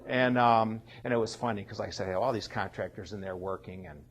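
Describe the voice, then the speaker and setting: A man in his sixties, a company founder, telling his own story in a lively way and acting out the voices of people he met. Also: lowish voice, fast talker, a little hiss or hum. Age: 60s. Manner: animated, acts out quoted dialogue. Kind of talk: personal storytelling.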